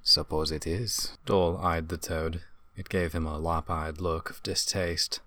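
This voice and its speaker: A man narrating a fantasy audiobook in a measured, descriptive reading. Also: low-pitched, level tone.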